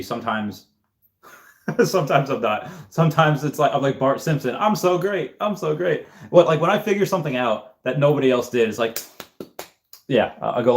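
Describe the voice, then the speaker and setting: A man hosting a casual livestream, talking in a rambling, halting way with many restarts and fillers. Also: medium pitch. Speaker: livestream host.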